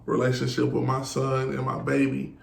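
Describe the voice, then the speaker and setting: A man's voice: mid-range voice, completely flat delivery, moderate pace, vocal fry. A man in his thirties, a podcast guest, telling blunt and profane stories in casual chat and quoting others as he goes. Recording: echoey room with faint hiss.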